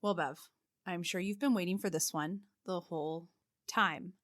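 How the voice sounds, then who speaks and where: A woman's voice: lowish voice, normal speed, dry recording. Casting note: woman co-host telling a true-crime case casually, dry close-miked sound. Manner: steady storytelling with frequent "like" fillers.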